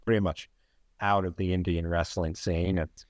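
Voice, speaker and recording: Low-voiced male podcast host, casual and sarcastic, rambling delivery, dry close sound. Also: little pitch movement, normal speed, dry recording. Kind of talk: casual sports chat.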